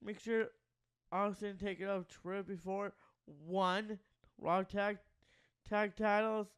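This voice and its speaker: A person in casual podcast chat who speaks haltingly, repeating words while starting sentences. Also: medium pitch, level tone, smooth.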